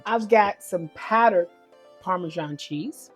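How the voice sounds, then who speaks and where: A woman's voice: lowish voice, big pitch swings, moderate pace, faint music behind. A woman giving a casual cooking demonstration at home, chatty and homey, often correcting herself as she goes. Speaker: home cook.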